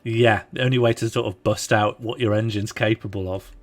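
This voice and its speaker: A man livestreaming a strategy game and chatting casually with a co-host, relaxed and jokey while he thinks aloud. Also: fairly low pitch, fairly quick. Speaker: streamer playing a strategy game. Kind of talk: casual live-stream chat.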